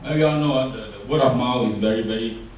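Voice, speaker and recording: A man's voice: medium pitch, fast talker, a little mellow. Singaporean guy running a workshop, heard from far off in a really echoey room, faint hum behind. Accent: Singaporean English. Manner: chatty, asks the audience questions. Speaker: workshop speaker. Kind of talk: workshop presentation. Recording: roomy echo, distant mic.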